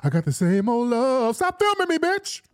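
A man's voice: extremely high pitch, huge pitch swings, normal speed, clean tone, voice pushed up, full character voice. A man imitating a furious female diva singer who breaks off crooning to curse at fans filming her. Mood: furious singing. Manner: sings in snatches, then swears and shouts for security.

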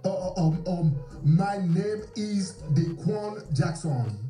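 A man's voice: high voice, animated, dark tone. A man voicing a hesitant, stammering young man in a cartoon comedy, played back as a clip in a roomy sound with faint music. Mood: nervous. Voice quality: stammering, halting.

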